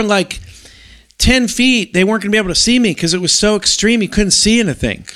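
A man's voice: sits high, a little fast. Rambling middle-aged man telling a story. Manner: rambling, animated storyteller with many restarts. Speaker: podcast co-host. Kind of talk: casual storytelling chat.

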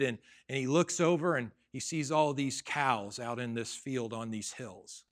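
A middle-aged male pastor telling a personal story in a sermon, talking casually and swinging between quiet asides and loud, emphatic bursts. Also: mid-range voice, fairly even intonation, measured pace, hardly any pauses.

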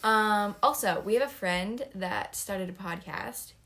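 A woman's voice: medium pitch, unhurried, a bit bright. A young woman co-hosting a podcast in casual chat, rambling with lots of fillers and giggles. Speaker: podcast co-host.

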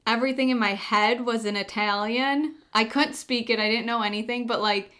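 A woman's voice: a little high, brisk, a bit bright. A young woman hosting a casual podcast, chatty, telling her own stories and laughing easily. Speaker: podcast host. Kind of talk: casual chat.

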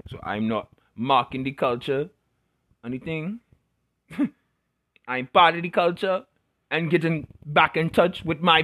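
A man's voice: medium pitch, sharp tone. A man giving a passionate, blunt, profanity-laced motivational rant to camera.

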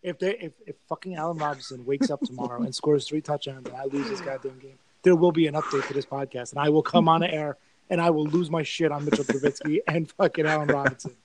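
A man's voice: fairly high pitch, fast, a crowd in the background, rough recording. A man hosting a casual sports podcast, swearing freely and telling stories with animation. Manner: profane, animated storytelling. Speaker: podcast host.

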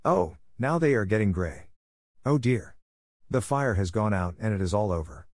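A man reading aloud voices an eager, tender little girl with a gentle, wide-eyed manner. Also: on the low side, expressive, moderate pace, dry recording, studio quality. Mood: excited.

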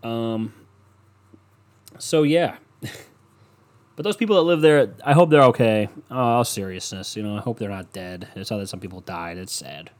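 A man's voice: fairly low pitch, normal speed, long pauses. A young man hosting a casual solo podcast, ranting with lots of swearing, mocking people and laughing at his own jokes. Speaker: podcast host.

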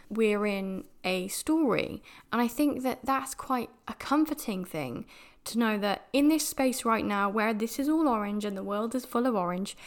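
A young British woman from the UK hosting a podcast, talking casually about a film in a chatty, rambling way. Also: mid-range voice. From United Kingdom. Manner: chatty and rambling, with many restarts and fillers. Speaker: podcast host.

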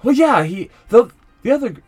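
A man's voice: fairly high pitch, sing-song, quick pace, a bit bright, faint music behind. A man voicing a solemn, touchy older half-elf undertaker in a tabletop game. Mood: irritated. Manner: defensive, rising to irritated.

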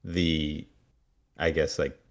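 A man with a very low voice chatting casually on a podcast. He cracks wry jokes and drops into gruff voices for the characters now and then. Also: steady tone, drawn-out words. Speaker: podcast co-host. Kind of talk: casual recap chat.

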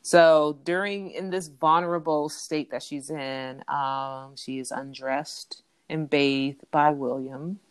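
A woman with a low voice talks through a TV episode in a relaxed, casual way, full of fillers and small restarts. The sound is dry and close, with no room around it. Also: slow pace, hardly any pauses, clear, resonant tone, no room sound. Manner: relaxed, with many fillers and recaps. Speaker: podcast co-host recapping a TV episode. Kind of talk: casual chat.

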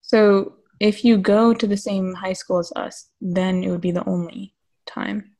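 A woman's voice: medium pitch, fairly even intonation, unhurried, warm tone, breathy edge. A teenage girl co-hosting a casual podcast with friends, teasing and laughing often. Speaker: podcast co-host. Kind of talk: casual chat among friends.

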